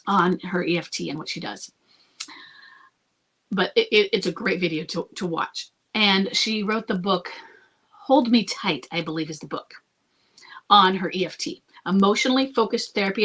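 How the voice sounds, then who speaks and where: A woman's voice: medium pitch, fairly bright tone. A woman who coaches couples, talking through a listener's question about rebuilding a marriage. She speaks earnestly and reassuringly, often checks in with "okay?", and thinks aloud with restarts. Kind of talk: advice monologue to camera.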